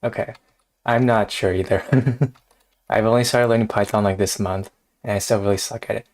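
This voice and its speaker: A man's voice: lowish voice, fairly even intonation, moderate pace, a little mellow. A man hosting a casual live coding stream, thinking aloud in a hesitant way and often laughing. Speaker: streamer host.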